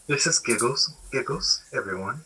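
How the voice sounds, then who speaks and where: A woman's voice: a bass voice, expressive, moderate pace, very noisy. A woman guest in a casual live-stream chat, laid-back and slangy.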